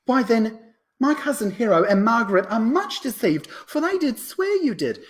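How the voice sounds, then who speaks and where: Brief: man playing a quick, teasing noblewoman, lifted pitch, stage reading. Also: very animated. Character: sharp-tongued witty young noblewoman.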